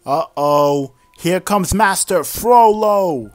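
A man's voice: high-pitched, animated, normal speed, faint music behind. A man doing comedic play-by-play commentary over a film, joking and slangy. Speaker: comedic sports-style commentator.

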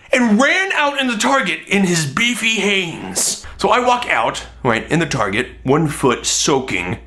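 Young male comic storyteller, high voice that swoops a lot, playing every beat up. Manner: animated, exaggerated comic delivery. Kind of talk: comedic story monologue.

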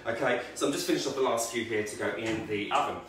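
A man's voice: mid-range voice, fast talker. A man hosting a casual home baking vlog, joking and swearing freely. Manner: animated, jokey, swears freely. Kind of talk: casual cooking vlog banter. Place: home kitchen. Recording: echoey kitchen, distant mic, noisy.

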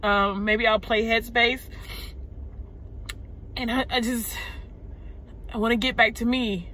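A woman talks straight to her viewers from a parked car, upset and searching for words. Her voice is bright and forceful. She stops mid-phrase, repeats herself and lets out heavy sighs. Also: a little high, fairly even intonation, slight background noise. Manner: halting, sighing, repeating words. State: upset and shaken. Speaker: vlogger. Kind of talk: unscripted emotional vent to camera. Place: parked car in a parking lot.

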